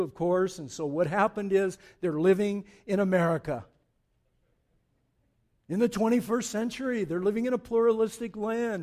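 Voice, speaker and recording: A pastor delivering a sermon in a high-pitched voice. He pushes hard on his key points, then drops low for conversational jokes with the congregation. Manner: swings from loud emphatic preaching to low asides; joking, conversational.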